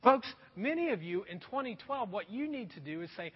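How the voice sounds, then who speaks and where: A man's voice: very high voice, big pitch swings, moderate pace, slightly rough. A man in his thirties preaching a sermon, telling stories earnestly and calling his listeners folks. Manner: earnest storytelling preacher, addresses the crowd as folks. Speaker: pastor. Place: church hall. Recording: dull echoey hall recording.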